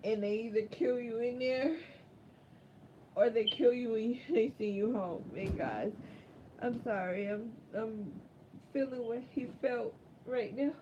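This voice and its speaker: Slow, high-voiced woman, muffled recording. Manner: raw, halting, repeats herself. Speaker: vlogger. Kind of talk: emotional confessional storytelling. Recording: muffled lo-fi with faint background noise.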